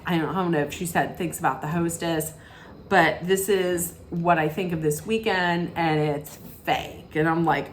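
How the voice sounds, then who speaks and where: A woman's voice: lowish voice, fairly even intonation, moderate pace, a little hiss or hum. A woman recapping a reality show in a casual, gossipy way, rambling through the story and acting out what people said. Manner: rambling storytelling, acts out quotes.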